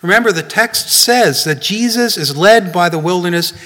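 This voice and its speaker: Conversational preacher in an echoey hall. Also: male voice, sits high, normal speed, bright, forceful tone. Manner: conversational, frequent "you know" and "right?" asides. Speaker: pastor. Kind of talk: sermon. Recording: long reverb of a hall.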